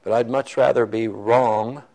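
A man's voice: medium pitch, fairly even intonation, unhurried, creaky, a little mellow, low-quality recording. A man preaching, telling a story to his congregation and acting out the voices of the people in it. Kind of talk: sermon storytelling.

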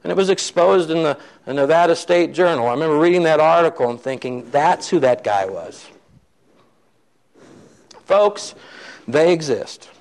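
A man's voice: fairly high pitch, lively intonation, moderate pace, pauses often, darkish tone, poor audio. A man preaching, telling a story to his congregation and acting out the voices of the people in it. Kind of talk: sermon storytelling.

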